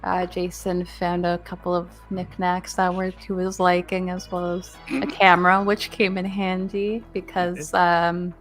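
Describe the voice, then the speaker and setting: A woman runs a tabletop role-playing game and recaps the story so far. Her voice sits a little low, and she takes her time. She talks in an easygoing way, with lots of ums and likes. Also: a little slow, few pauses, faint music behind. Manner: relaxed recap full of fillers. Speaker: game master.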